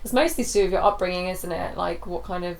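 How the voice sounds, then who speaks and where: A woman's voice: fairly low pitch, fast, vocal fry. Easygoing young woman podcast co-host. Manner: easygoing, frequent agreeing murmurs, self-deprecating. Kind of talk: casual chat.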